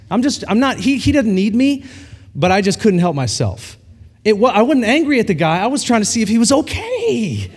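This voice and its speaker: Male pastor, high and animated delivery, storytelling sermon in a big echoing hall. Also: brisk, breathy edge. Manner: animated storytelling preacher, acts out quoted dialogue. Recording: long hall reverb.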